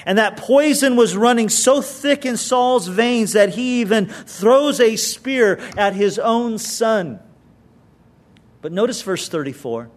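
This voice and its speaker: A man's voice: high voice, animated, slow. A male pastor reading scripture aloud and explaining it in a conversational sermon, with emphatic retellings.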